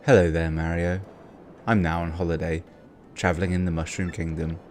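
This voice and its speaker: A man's voice: low-pitched, little pitch movement, normal speed, darkish tone, a little hiss or hum, lightly acted. A man reading aloud a polite letter from a princess in his own voice.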